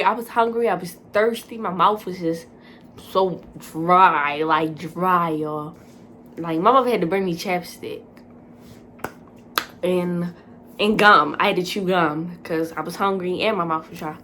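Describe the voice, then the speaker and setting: A young woman vlogger telling a casual storytime, animated and dramatic, full of fillers. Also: on the low side, a little slow, slight background noise.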